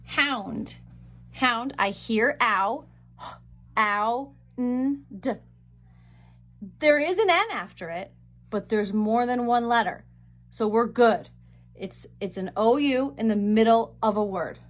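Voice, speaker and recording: Lady teacher doing a phonics lesson, bit high voice, sounds out words real slow and careful. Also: lively intonation.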